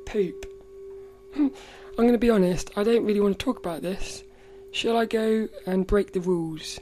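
A woman's voice: mid-range voice, moderate pace, over music. A woman hosting her own podcast in casual solo chat, rambling and stopping to restart her sentences. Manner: rambling, stop-start, self-correcting. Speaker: podcast host.

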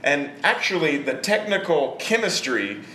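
A man hosting a beer podcast with his friend, sometimes slipping into a booming announcer-style voice, chatting casually. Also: sing-song, unhurried, pushed and bright, reverberant, slight background noise. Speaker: podcast host. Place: hotel or room on location.

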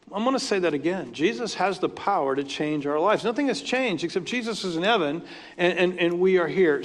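A man with a high voice preaches to his congregation in a loose, conversational way, slipping in casual asides as he retells scripture. His words ring out with a long reverb, as in a large church hall. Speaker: pastor. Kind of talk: sermon.

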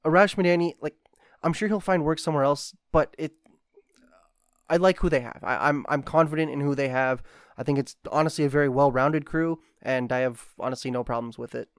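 A man's voice: on the high side, fairly even intonation, brisk, clean tone, no echo, studio quality. A man in a casual sports chat, talking candidly and laughing at his own opinions.

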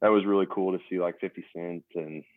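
A young adult man, a former pro basketball player, telling stories as a guest in a relaxed casual podcast interview, over a tinny phone-like line. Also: sits low, fast talker, no echo. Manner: relaxed storytelling with fillers.

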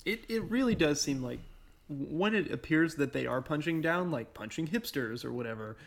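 A man's voice: a little high, expressive, normal speed, vocal fry. A man co-hosting a podcast, easygoing and reflective, reading out listener comments and chuckling. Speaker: podcast co-host.

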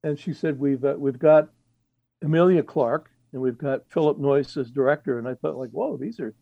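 A man, an author on a podcast, talks with frequent fillers and self-corrections. His voice comes through a dull, lo-fi remote line with no room sound around it. His pitch sits in the middle range. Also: fairly even intonation, moderate pace, dry recording. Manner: rambling, hesitant, many restarts and fillers. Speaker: author guest. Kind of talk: casual interview.

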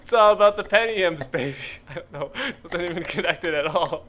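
A man's voice: on the high side, brisk, fairly bright tone, slight background noise. A man co-hosting a comedy podcast, rambling through an improvised story with lots of fillers and quoted character bits. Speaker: podcast co-host.

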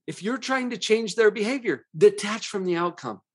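A man hosting a parenting podcast, explaining calmly and slowing down to stress key words. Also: sits high, slightly rough. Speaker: parenting coach and podcast host. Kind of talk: podcast monologue.

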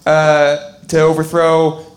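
A man improvising a rambling comedy screenplay pitch on a bar stage, laughing as he goes. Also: monotone, takes it slowly. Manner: rambling, laughing, acts out voices.

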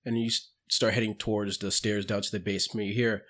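A man running a tabletop game as game master, narrating in a relaxed way. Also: on the low side, fast.

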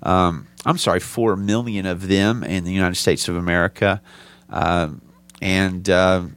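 Deep-voiced male co-host, dry and explanatory. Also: fairly even intonation, fairly bright tone, clean tone. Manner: dry teasing remarks, then brisk explanatory overview. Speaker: podcast co-host. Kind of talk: casual podcast chat.

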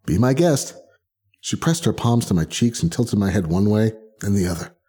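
A man's voice: lowish voice, brisk, mellow, husky. A man narrating a short story in the first person, reading expressively and voicing the characters. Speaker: podcast narrator. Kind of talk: audiobook narration.

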